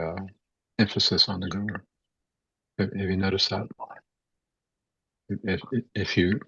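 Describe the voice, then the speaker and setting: A low-voiced man with a gravelly, husky tone gives a spiritual talk, pausing and repeating words as he goes. The recording is dull and lo-fi, with a dry sound. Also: a bit bright, dry recording. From United States. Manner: halting, many repeated words and fillers. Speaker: spiritual teacher.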